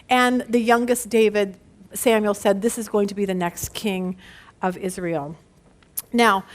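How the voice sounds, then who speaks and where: A woman with a notably high voice teaches a women's Bible study. She talks in a casual, conversational way and tells her stories with lively animation, often breaking into laughter at them.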